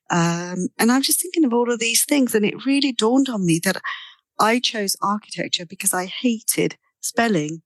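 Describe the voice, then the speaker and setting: A middle-aged woman, a therapist guest, telling a personal story in an interview with animated delivery and frequent restarts. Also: mid-range voice, moderate pace, dry recording.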